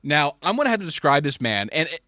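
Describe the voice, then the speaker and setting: A man telling a work story in casual chat, animated and profane, jumping between loud rants and quiet asides. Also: a little high, quick pace, dry recording, studio quality. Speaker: podcast host.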